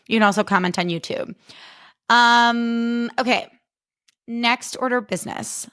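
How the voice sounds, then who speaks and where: A woman's voice: fairly high pitch, a little slow, pauses often, clean tone. Chatty young woman hosting a podcast. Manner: chatty, animated, self-deprecating, jumps into funny voices. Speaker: podcast host. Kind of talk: casual solo podcast chat.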